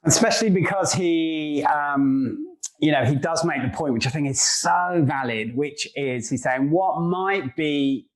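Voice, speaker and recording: A man's voice: a little high, measured pace. A man hosting a casual book discussion, talking thoughtfully and hesitantly, with frequent restarts.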